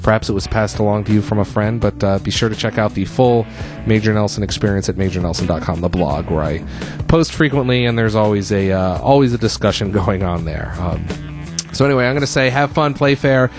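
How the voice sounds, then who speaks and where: A man's voice: on the low side, fairly quick, over music. A man hosting his own podcast solo, chatting casually and rambling with fillers and restarts, a bit out of breath. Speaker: podcast host.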